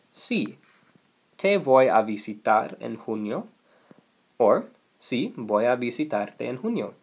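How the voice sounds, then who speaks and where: Guy narrating a video lesson, calm and patient, walks through examples step by step. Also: medium pitch, vocal fry. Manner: patient, explanatory, reads example sentences aloud. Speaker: language teacher.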